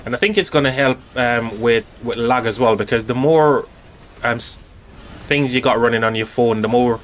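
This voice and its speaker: A man's voice: mid-range voice, normal speed, slight background noise. A man hosting a casual live stream, chatting loosely with viewers and commenting on a strategy game, with lots of fillers and restarts. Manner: chatty, rambling, talks directly to chat with many fillers.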